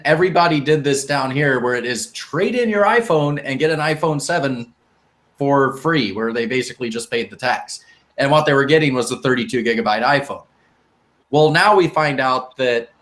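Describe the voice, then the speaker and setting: Male tech podcast host, mid-pitched, loose and jokey. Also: fairly bright tone. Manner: joking, rambling explanations. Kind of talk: casual chat.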